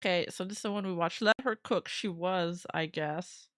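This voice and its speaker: A young woman streamer giving excitable live reaction commentary, laughing often and swearing freely. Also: on the low side, normal speed, no room sound, studio quality. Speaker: VTuber streamer.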